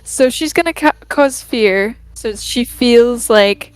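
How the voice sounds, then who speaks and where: Slow-talking woman player in a tabletop game. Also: a little high, smooth, no echo. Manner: casual, hesitant, swearing.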